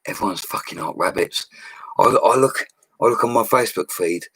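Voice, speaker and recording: This is a rough, dry recording of a London man in his forties, chatting bluntly on a livestream about his bricklaying jobs, with slang and light swearing thrown in. He speaks at an ordinary speed in a lowish voice with a fairly bright, breathy edge.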